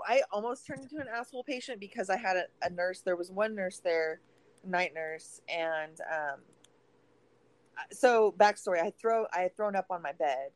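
A woman on a podcast in relaxed, loose chat, punctuated by laughter and easy swearing. She is recovering from a broken leg. The sound is dry and close, with no room echo. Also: medium pitch, moderate pace. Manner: laughs often, swears casually. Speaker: podcast co-host. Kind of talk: casual chat.

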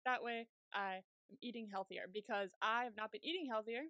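Young woman, podcast co-host, bright voice on a dry, close mic, chatty and quick to laugh. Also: on the high side, steady tone, no room sound. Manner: chatty, laughs often, acts out her own reactions. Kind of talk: casual chat.

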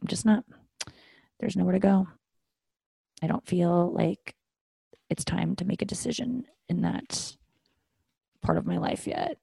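A woman's voice: fairly low pitch, a little slow, creaky, long pauses, warm tone, slightly rough, dry recording. Candid, profane young woman podcaster. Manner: chatty, candid and profane, acting out family dialogue. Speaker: podcast host. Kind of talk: casual solo podcast storytelling.

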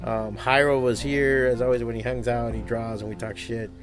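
A man's voice: mid-range voice, moderate pace, music in the background. Profane, rambling man telling shop stories. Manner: profane, rambling, animated storytelling. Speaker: comic book shop owner. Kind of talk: casual podcast monologue.

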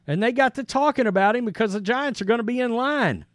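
A man with a high voice hosts a sports podcast and speaks bluntly and casually. He reads out quotes, then jumps in with his own opinion. The recording is dry and close, with no room sound. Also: fast talker, fairly bright tone, no echo.

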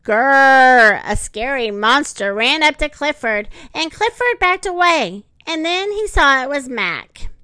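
A woman reading a children's picture book aloud, high and very lively, lingering slowly over each line. Her voice is bright, and the close recording is dry. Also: dry recording. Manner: expressive, sing-song. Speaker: storyteller.

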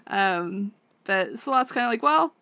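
A woman's voice: medium pitch, a little slow, a bit bright, dry recording. A woman co-hosting a podcast, recapping a story in casual chat, laughing often and rambling with many fillers. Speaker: podcast co-host.

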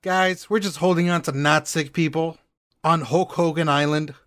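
A man's voice: a little high, steady tone, normal speed, fairly bright tone, close to an everyday voice. A man voicing a fed-up male health official who speaks bluntly and in exasperation. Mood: exasperated.

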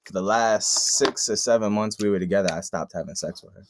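A man's voice: lowish voice, fairly quick, background noise. A young man co-hosting a casual podcast, laid-back and agreeable in manner. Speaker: podcast co-host.

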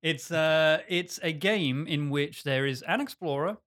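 A man hosting a podcast, pitching a game idea in a rambling, self-mocking way and laughing often. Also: a little slow, a bit bright. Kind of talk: casual chat.

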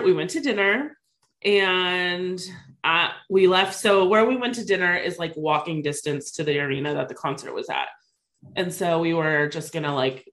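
A woman in her thirties casually telling a personal story to a co-host, full of "like" fillers. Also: on the low side. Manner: chatty, lots of "like" fillers, animated retelling.

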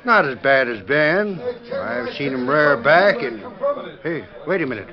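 A man's voice: on the high side, expressive, unhurried, crowd noise. A chatty frontier townsman. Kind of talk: 1940s radio acting. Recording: dull old radio recording.

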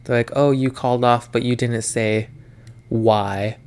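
Smooth-voiced young man telling stories. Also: mid-range voice, fairly even intonation, a little slow, darkish tone. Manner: storytelling with profanity, acting out work arguments. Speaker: podcast co-host. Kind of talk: casual chat.

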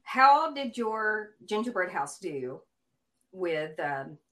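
A woman co-hosts a casual podcast. She talks in an eager, gushing way when she recommends things. Her voice sits at an ordinary middle pitch. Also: sing-song, takes it slowly, sharp tone. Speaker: podcast co-host. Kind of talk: casual chat.

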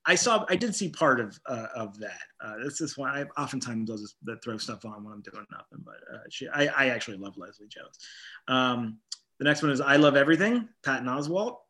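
A man's voice: mid-range voice, animated, brisk, sharp tone. A man co-hosting a comedy podcast, chatting casually and laughing easily. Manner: chatty, laughs easily, runs through lists. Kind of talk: casual chat.

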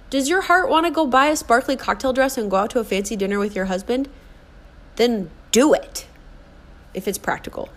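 A woman's voice: fairly high pitch, a little fast. A woman in her forties, a life and fitness coach, giving an earnest motivational podcast monologue and repeating key phrases for emphasis. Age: 40s.

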